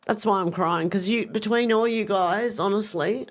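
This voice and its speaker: A woman's voice: medium pitch, animated, moderate pace, few pauses. Middle-aged Australian woman, live-stream host, chatty and effusive, a bit congested. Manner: chatty, effusive, warm thanks, many restarts. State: slightly congested with a cough. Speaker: livestream host. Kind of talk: casual live-stream chat, reading viewer comments.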